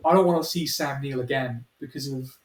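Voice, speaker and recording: A man's voice: medium pitch, fairly quick, distant mic, crowd noise. A man hosting a podcast, chatting casually and rambling with crude jokes and laughs. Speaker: podcast host. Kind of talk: casual chat. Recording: echoey room with faint noise.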